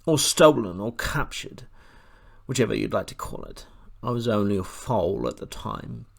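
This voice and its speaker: A man voicing a proud gravelly talking war horse. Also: lowish voice, lively intonation, normal speed. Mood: rueful. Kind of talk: audiobook character voice.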